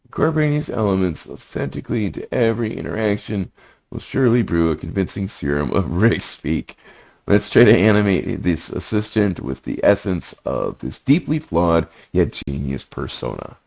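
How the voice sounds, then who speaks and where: Low-pitched and creaky with a darkish tone, this prompt engineering instructor speaks at a moderate pace with lively intonation. He steps through a screen demo, reading generated text aloud and murmuring comments in between.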